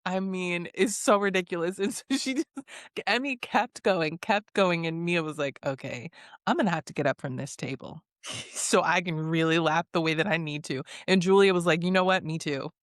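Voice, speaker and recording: A podcast host with a voice on the low side speaks at a moderate pace in a casual reality TV recap, animatedly performing other people's lines with swearing and laughter. She's recorded dry, at studio quality.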